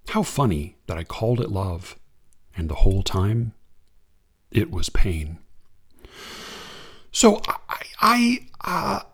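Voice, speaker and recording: A man commenting on poetry, reading quotes aloud in a measured, hesitant way. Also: fairly low pitch, a little mellow. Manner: measured, hesitant, restarts often.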